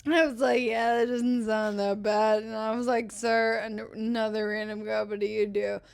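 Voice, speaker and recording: A woman's voice: fairly high pitch, flat delivery, moderate pace, gravelly, a little mellow, clean tone. A woman podcast co-host and stand-up comic, telling crowd-work stories in casual chat with jokey threats.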